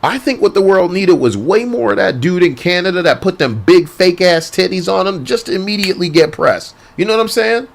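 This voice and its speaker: A man's voice: sits high, animated, a little fast, creaky, few pauses. A man streaming live and ranting casually, in a crude, rambling way with frequent laughter. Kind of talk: casual livestream rant.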